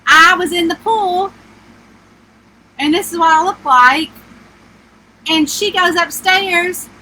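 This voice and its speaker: A middle-aged woman, an author, hosts a casual livestream into her phone from a little camper where the air conditioner hums. Her voice is high, squeaky and twangy, sharp and bright in tone, and she talks slowly and loosely while greeting viewers one by one by name. There's slight background noise and the audio is rough.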